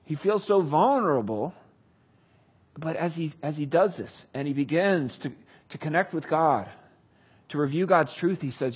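A man preaching a sermon, earnest and swinging between loud emphasis and hushed tenderness. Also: high-pitched, slightly rough. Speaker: pastor.

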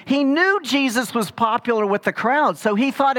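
A man preaching a sermon in a relaxed, conversational way, retelling scripture in everyday speech. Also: high voice, moderate pace, few pauses. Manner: casual storytelling, paraphrasing scripture in everyday speech. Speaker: pastor.

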